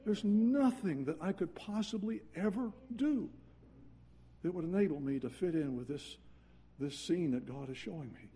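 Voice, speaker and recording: A man preaching a sermon earnestly, dropping to quiet intensity and then rising into urgent passages. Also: fairly high pitch, husky.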